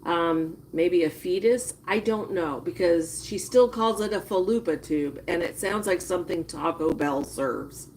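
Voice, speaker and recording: A woman giving casual live-stream commentary, chatting with viewers and reacting with drawn-out disgust. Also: fairly low pitch, a little mellow, slight background noise. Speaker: livestreamer.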